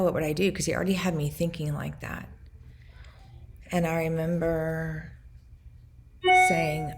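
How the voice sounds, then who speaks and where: A woman in her forties speaking in a personal video journal, earnest and reflective, in short halting phrases. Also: sits low, creaky, darkish tone. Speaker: vlogger recounting her past.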